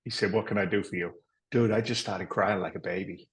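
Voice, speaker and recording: A middle-aged real estate investor appears as a podcast guest, telling candid, rambling stories in a casual interview and cursing now and then, with frequent "right?" asides. His voice is low, fairly even in intonation, and brisk. The recording quality is low.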